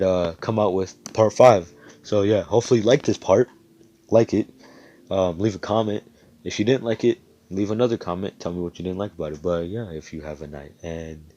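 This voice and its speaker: Young man, deep voice, casual rambling storyteller who swears a lot. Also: normal speed, warm tone, muffled recording. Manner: rambling, profane, loose. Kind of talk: casual fan-fiction storytelling.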